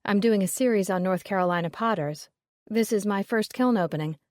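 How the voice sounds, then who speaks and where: A woman's voice: medium pitch, fairly quick, darkish tone, no echo, studio quality, close to an everyday voice. A woman voicing a curious, polite young woman writer who speaks plainly.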